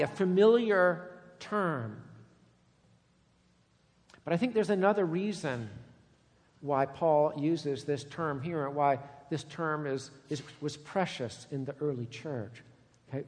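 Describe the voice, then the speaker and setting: Man, preacher, sermon, slow deliberate delivery, loud emphatic builds and quiet hushed stretches, long hall reverb. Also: a little high. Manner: swings between loud emphatic repetition and quiet intimate passages.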